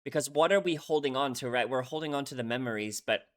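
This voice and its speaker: Speaking fast at a medium pitch, this young YouTuber works through song lyrics in a relaxed reaction video. He sounds heartfelt and emotional, frequently asking "right?"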